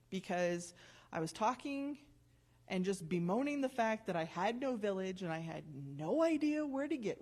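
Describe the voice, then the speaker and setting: A woman in her forties stands before her church and shares her testimony in a chatty, storytelling way. Her voice swings widely in pitch as she recounts the story. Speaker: church member giving testimony. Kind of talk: personal testimony.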